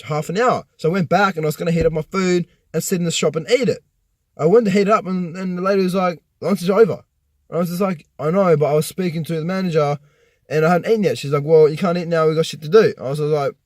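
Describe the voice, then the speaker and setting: Higher-voiced young man ranting in a car. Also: no echo, studio quality. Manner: rambling, profane storytelling with many restarts. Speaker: vlogger. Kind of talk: casual personal rant. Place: parked car in a car park.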